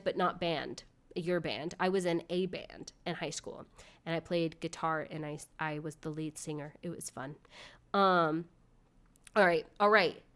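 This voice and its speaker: A young woman chats casually on a live stream, rambling and laughing as she thanks her donors. Her voice sits on the low side for a woman and sounds smooth and clear. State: sick with covid.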